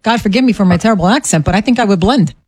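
A woman's voice: medium pitch, animated, rapid-fire, darkish tone, no room sound. Teasing, playful woman co-host. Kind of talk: playful radio banter.

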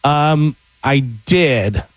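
A man's voice: medium pitch, very slow, dry recording. A man hosting a casual talk show, reading news items and joking with his co-hosts. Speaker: radio show host. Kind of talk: casual morning show banter.

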